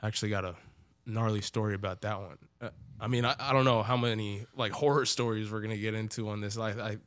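A man's voice: on the low side, fairly even intonation, quick pace, a bit bright, no room sound. A young man telling his story as an interview guest, casual and profane, rambling with lots of fillers. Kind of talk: candid recovery interview.

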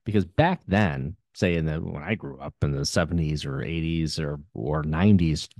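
A man's voice: very deep voice, normal speed, a little mellow, no echo, clean studio sound. A man in his fifties hosting a podcast, chatting easily and thinking aloud. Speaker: podcast host. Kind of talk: casual interview chat.

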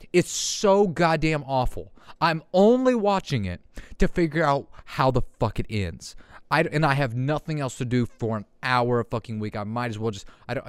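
A man's voice: mid-range voice, clear, resonant tone, no echo. A young man hosting a podcast, ranting casually with lots of swearing. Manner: profane, animated ranting. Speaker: podcast host.

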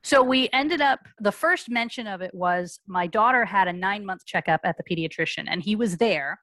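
A frank, brisk woman in her forties tells her story as a podcast guest. Her voice sits at an ordinary middle pitch. The sound is dry and close, with no room around it. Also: lively intonation, fairly bright tone, no echo. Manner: frank, brisk, acts out quoted dialogue. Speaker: guest, mother.

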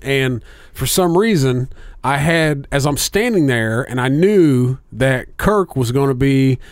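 A man's voice: medium pitch, expressive, slow pace, no room sound. Profane rambling storyteller man, dry sound. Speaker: podcast co-host. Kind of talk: casual storytelling chat.

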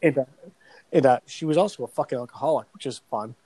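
A man's voice: medium pitch, fast talker, husky, poor audio. A man, telling stories in casual podcast chat, swearing freely and laughing at his own jokes. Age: 40s. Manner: profane, laughing, animated storyteller. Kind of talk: casual chat with profane storytelling.

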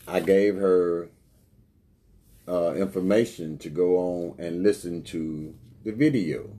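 A man hosting a podcast in an earnest, unhurried, thankful way. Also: low-pitched, warm tone, a little hiss or hum. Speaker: podcast host. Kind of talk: casual podcast talk.

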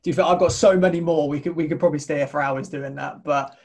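A man's voice: on the high side, steady tone, quick pace, creaky, darkish tone. A British man hosting a podcast in a casual chatty way, laughing often and repeating himself as he thinks. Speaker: podcast host.

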